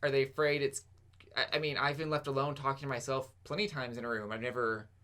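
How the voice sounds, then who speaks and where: A man's voice: medium pitch, level tone, quick pace, sharp tone. A man co-hosting a podcast, making wry, sarcastic jokes in a casual chat. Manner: wry, joking, sarcastic asides. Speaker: podcast co-host.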